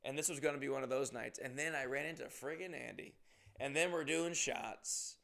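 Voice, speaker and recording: Gravelly man telling a rambling story. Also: medium pitch, moderate pace, a bit bright. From Massachusetts. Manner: rambling, profane, acts out quotes. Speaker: comedian and podcast host. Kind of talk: casual comic storytelling.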